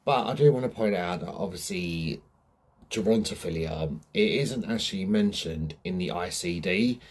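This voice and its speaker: Young male true crime host: deep, husky, slow delivery, casual and rambling. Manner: rambling, frequent ums and asides.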